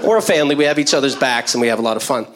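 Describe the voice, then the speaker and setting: A man's voice: medium pitch, animated, racing, a crowd in the background, voice pushed down, close to an everyday voice. A man playing an overeager male restaurant trainer in a stand-up bit, full of forced corporate cheer. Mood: earnest. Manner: chirpy forced enthusiasm, cheesy corporate pep. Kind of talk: stand-up comedy character bit.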